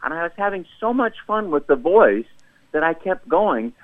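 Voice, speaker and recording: A middle-aged man, a voice actor, telling stories with animated enthusiasm in a radio interview by phone. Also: on the high side, moderate pace, dry recording. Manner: animated, enthusiastic storyteller who slips into voices. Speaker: voice actor, guest. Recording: dry, tinny phone line.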